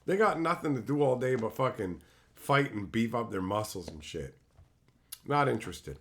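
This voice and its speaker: A man hosts a casual live stream, cracking crude, profane jokes in response to viewer chat. He has a mid-range, fairly bright voice with lively intonation and a moderate pace.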